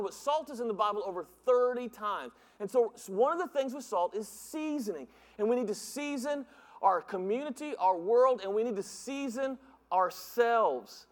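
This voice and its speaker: High-voiced pastor in a reverberant hall. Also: male voice. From northern United States. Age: middle-aged. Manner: animated, joking, mimics voices in his stories. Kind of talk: humorous sermon with storytelling. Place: church sanctuary.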